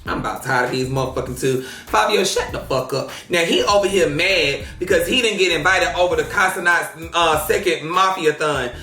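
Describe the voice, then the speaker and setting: High, bright, brash male commentator. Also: normal speed, few pauses, roomy sound, faint music behind. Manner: brash, profane, theatrical, shouts often. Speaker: host. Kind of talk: drama commentary.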